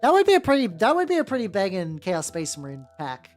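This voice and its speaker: A woman's voice: mid-range voice, wildly swooping pitch, fast, a little mellow, faint music behind. A woman streamer chatting casually while painting miniatures, rambling and swearing, with lots of fillers and restarts.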